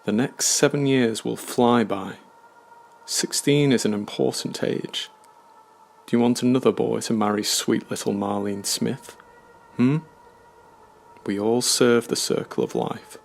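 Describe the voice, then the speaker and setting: A man's voice: mid-range voice, fairly even intonation, a little slow, vocal fry. A man voicing an overbearing, gushing middle-aged village mother in a horror story reading. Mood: pushy gushing. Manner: jubilant, overbearing.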